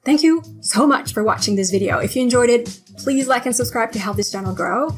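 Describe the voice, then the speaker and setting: A woman's voice: on the high side, fairly quick, soft background music. French-accented woman teaching pronunciation. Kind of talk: explaining pronunciation tips.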